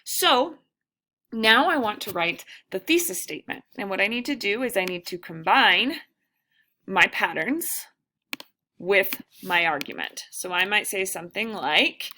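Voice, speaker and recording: Bright-voiced woman teaching, thinking aloud. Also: mid-range voice, animated, measured pace, a little hiss or hum. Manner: casual, self-deprecating, thinks aloud with many fillers. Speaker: writing instructor. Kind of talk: recorded lecture.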